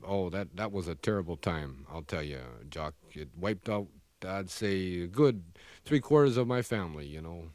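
A man's voice: animated, moderate pace, darkish tone, no room sound. A man doing a folksy Canadian crab. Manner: folksy, keeps saying "eh?" and "by golly", trails off low. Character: folksy Canadian body crab, slow and dim. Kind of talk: 1970s comedy record sketch.

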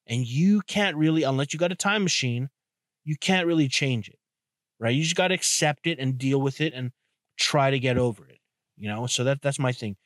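A man's voice: medium pitch, expressive, normal speed, dry recording. Chatty, rambling man, dry and close. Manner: loose, rambling and profane, with many restarts and "you know". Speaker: podcast host. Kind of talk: casual solo podcast monologue.

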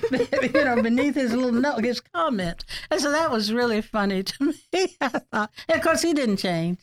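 A woman's voice: sits high, expressive, moderate pace. Older woman telling stories with frequent laughter. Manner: chatty storyteller, laughs often. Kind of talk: oral history interview.

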